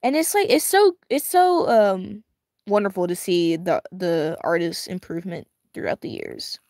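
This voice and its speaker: A woman reacting to a webtoon as she reads it, excitable and giggly, chatting to her viewers in slang, her voice a little strained and tired. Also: fairly low pitch, moderate pace, no room sound, clean studio sound. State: strained, tiring voice. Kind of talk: casual reaction reading.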